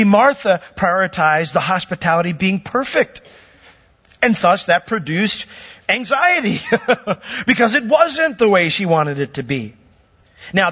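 A man's voice: sharp tone, breathy edge. A middle-aged man preaching a sermon, explaining scripture with emphatic rises in his voice. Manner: expository teaching with emphatic pitch lifts. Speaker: pastor. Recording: dull reverberant hall recording.

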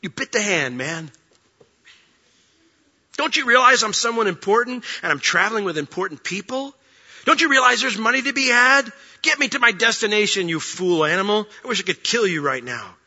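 A man's voice: high-pitched, expressive, moderate pace, bright, forceful tone, breathy edge, pitched above the performer's own voice, exaggerated voice. A man voicing a greedy, self-important male prophet who scolds indignantly. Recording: dull sound with long hall reverb.

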